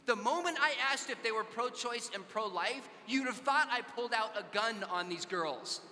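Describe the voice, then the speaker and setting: A man from Southern California addresses a youth conference in a large hall, telling conversational stories and acting out the dialogue in his anecdotes. His very high voice is animated, bright, and forceful, at normal speed with few pauses and a long reverb tail.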